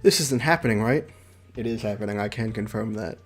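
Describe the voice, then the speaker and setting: A man's voice: lowish voice, brisk, husky, soft background music. A young man streaming a visual novel, reading it aloud with playful, chatty commentary. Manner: playful, chatty, laughs between lines.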